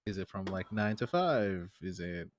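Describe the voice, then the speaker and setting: A man's voice: deep voice, expressive, measured pace, dry recording. A man playing in a tabletop game over voice chat, casual and joking, with some swearing. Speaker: player.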